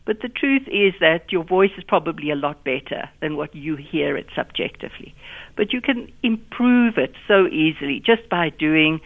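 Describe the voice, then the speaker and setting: A woman's voice: sits low, expressive, normal speed. A woman with a South African accent, a communication skills guest, explaining voice exercises in an instructive way over the phone. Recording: narrow telephone line.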